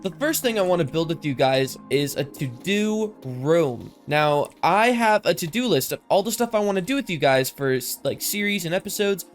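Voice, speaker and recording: A man's voice: fairly high pitch, animated, moderate pace, few pauses, faint music behind. Chatty young-sounding man with slightly lisped esses. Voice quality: lisp-like sibilance from mic filters. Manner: chatty, rambling, easily amused. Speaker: gaming commentator. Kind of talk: casual game commentary. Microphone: desk mic with processing filters.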